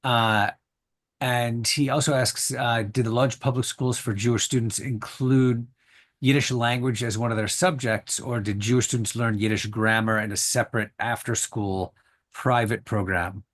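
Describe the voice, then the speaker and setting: A man's voice: mid-range voice, fairly even intonation, moderate pace, a bit bright. A man moderating a lecture Q&A over a video call, speaking hesitantly with many fillers and restarts.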